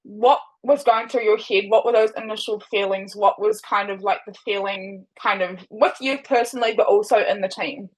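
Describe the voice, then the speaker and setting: A woman's voice: mid-range voice, steady tone, normal speed, hardly any pauses, rough recording. Chatty young woman hosting. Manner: chatty, laughs often, filler-heavy questions. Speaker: podcast host. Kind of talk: casual interview chat.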